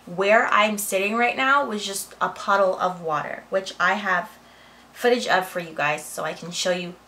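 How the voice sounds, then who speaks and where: A woman's voice: medium pitch, normal speed, sharp tone, low-quality recording. A young adult woman in a casual storytime vlog, chatting animatedly from her home office and acting out quoted dialogue. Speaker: vlogger.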